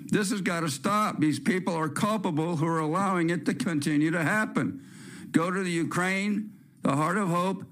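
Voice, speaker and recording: A man's voice: high voice, fairly bright tone. Blunt, rambling man hosting talk radio. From California. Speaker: host. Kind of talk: ranting talk-radio monologue.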